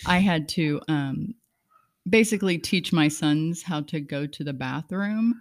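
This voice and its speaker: Middle-aged lady podcaster, low voice, super dry close sound, chatty and animated telling stories. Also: unhurried, dry recording. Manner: animated storyteller acting out quotes. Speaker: podcast host. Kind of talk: casual chat.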